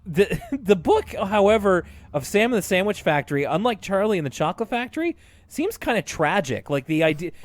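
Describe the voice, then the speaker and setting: A man co-hosting a podcast in casual chat, retelling cartoon scenes in an animated way, with lots of fillers and laughs. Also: a little high, dry recording. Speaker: podcast co-host.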